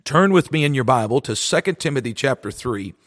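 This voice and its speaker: A man preaching earnestly as pastor and host of a radio Bible broadcast, with old-style scripture phrasing and now and then a cleared throat. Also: mid-range voice, expressive, fairly quick, a bit bright, big-room sound. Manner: occasional throat clearing and filler. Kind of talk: radio sermon.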